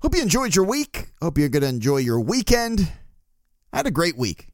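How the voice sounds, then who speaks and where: A man hosting a podcast, telling stories in a casual, profane, animated way. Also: a little high, normal speed, dry recording, studio quality. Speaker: podcast host. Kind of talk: casual monologue.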